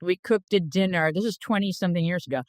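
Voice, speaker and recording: A woman in her fifties tells stories from her cooking career in a relaxed interview. Her voice is smooth and even, recorded dry and close with no room around it. She talks bluntly and chattily, with plenty of "like" fillers and the odd swear word. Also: on the low side, fast talker, no echo. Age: 50s. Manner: chatty, animated anecdotes with frequent "like" fillers. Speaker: chef, interview guest. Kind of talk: casual interview storytelling.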